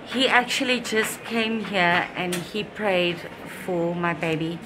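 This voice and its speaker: Slow-talking pregnant woman vlogging. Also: lowish voice, heavy background noise. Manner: heartfelt, chatty, reflective. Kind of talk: casual vlog chat. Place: at a hospital, partly outdoors.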